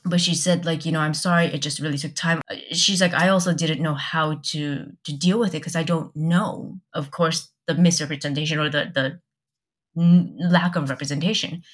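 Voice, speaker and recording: Young woman, low-pitched, podcast guest; candid and halting storytelling with lots of quoted dialogue. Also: fairly even intonation. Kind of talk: personal storytelling in casual chat.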